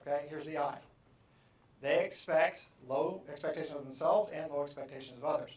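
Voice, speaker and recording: Middle-aged man, motivational speaker, jokey and animated, heard from a distance. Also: on the high side, a little fast, heavy background noise. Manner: animated, jokey, acts out characters. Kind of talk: live keynote talk to an audience. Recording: echoey hall from far off.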